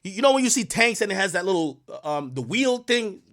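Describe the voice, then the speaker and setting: Male stream host with a high, bouncing voice, profane and excitable, jumping from shouts to mutters, recorded dry. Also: brisk, no room sound. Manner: animated, profane and excitable, swinging between loud outbursts and mutters. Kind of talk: casual storytelling on a live stream.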